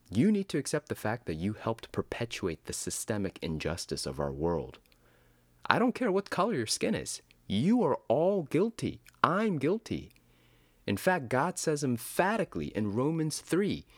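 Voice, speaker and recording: Emphatic, low-voiced commentator man. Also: no room sound. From United States. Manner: emphatic, sarcastic, preachy. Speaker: Christian commentator. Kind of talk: scripted commentary.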